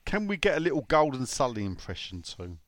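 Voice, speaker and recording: A man's voice: mid-range voice, sing-song, fairly quick, no room sound, clean studio sound. A man hosting a casual chat show, rambling and joking as he reads out listener comments. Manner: rambling, joking, many fillers and restarts. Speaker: podcast host.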